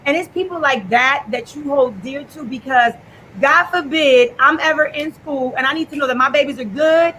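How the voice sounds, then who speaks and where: A woman's voice: high-pitched, moderate pace, a bit bright, slight background noise, low-quality recording. A woman speaking on a live video call, telling a heartfelt story with some fillers. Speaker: guest.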